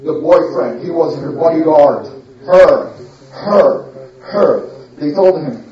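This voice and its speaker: High lively voiced guy telling a story, slow, echoey far off dull recording. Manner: theatrical, asks listeners questions, acts out voices and sounds. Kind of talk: animated oral storytelling to listeners.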